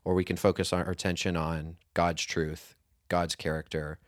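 Man, very low voice, measured reflective talk, faith podcast, dry sound. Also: little pitch movement, no room sound. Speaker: podcast co-host. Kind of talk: casual faith discussion.

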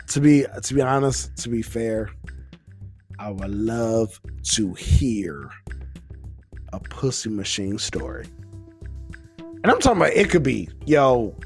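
A man's voice: mid-range voice, gravelly, darkish tone. A man hosting a casual, rambling monologue, a little intoxicated, talking in a profane, laid-back way. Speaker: podcast host.

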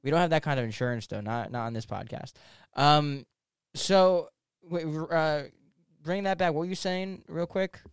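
A man's voice: fairly high pitch, smooth, no room sound, studio quality. A man hosting a casual podcast chat, talking animatedly and swearing freely. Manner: animated, swearing, quick laughs. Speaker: podcast host.

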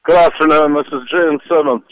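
A man on a call-in show doing an impression of a famous rock star, talking slowly and self-importantly. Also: on the high side, fairly even intonation, fairly bright tone, a little hiss or hum, lightly acted, rough recording. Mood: mock-grave. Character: caller impersonating a famous male rock star. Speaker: caller.

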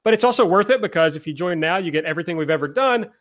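A man's voice: high voice, animated, rapid-fire, a bit bright. A man hosting a casual podcast, recapping events from his notes in a chatty, self-deprecating way. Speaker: podcast host. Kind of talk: casual chat, recapping wrestling.

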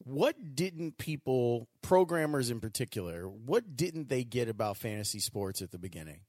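Male interviewer, medium pitch, halting questions, dry sound. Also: very animated, darkish tone, no room sound. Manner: halting, restarts mid-question.

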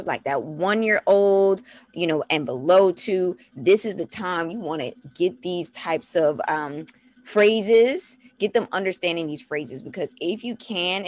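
Woman, mom vlogger, casual and animated, lower-pitched voice, repeats simple phrases. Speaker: mom giving parenting tips. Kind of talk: casual talk to camera.

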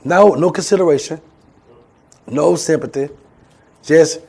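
A man's voice: medium pitch, animated, normal speed, darkish tone, slightly rough. A man preaching a sermon as pastor, calling out to the congregation and acting out voices. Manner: call-and-response preaching, acts out voices. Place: church.

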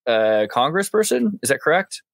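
A man's voice: mid-range voice, very animated, moderate pace, dry recording. A man hosting a casual podcast interview, enthusiastic, joking and full of praise. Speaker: podcast host.

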